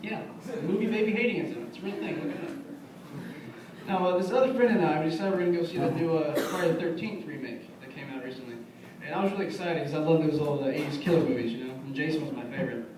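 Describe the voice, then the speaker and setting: A young man with a fairly high voice and a fast delivery does stand-up in a bar music venue, spinning loose, conversational stories and acting out his friends' lines. The distant room mic sounds echoey and picks up crowd noise, with the audience laughing in the background.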